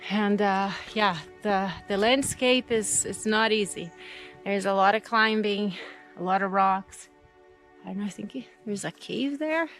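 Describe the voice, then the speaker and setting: A woman's voice: mid-range voice, a little slow, fairly bright tone, soft background music, rough recording. A woman vlogging while hiking outdoors on a mountain trail, out of breath, chatty and exclaiming. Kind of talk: casual trail vlog.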